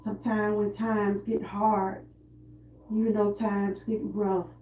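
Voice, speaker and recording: A woman with a Southern US accent who runs a wellness vlog. She talks in a slow, heartfelt way while doing seated cardio. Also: mid-range voice, flat delivery, roomy sound, muffled recording, a little hiss or hum. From Georgia, US. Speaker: wellness vlogger. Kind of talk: live-stream talk during seated cardio.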